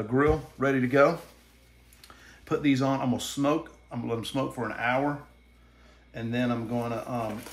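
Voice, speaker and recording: Against a noisy background, a middle-aged man from the American South with a mid-range voice hosts his home cooking vlog. His talk is folksy, rambling and self-deprecating as he goes from his kitchen out to his grill.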